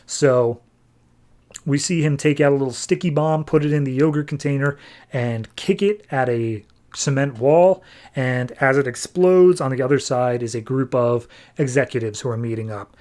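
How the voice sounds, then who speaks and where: A man's voice: mid-range voice, normal speed, a little mellow. A man hosting a podcast, casually recapping a comic book issue with wry asides. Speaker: podcast host.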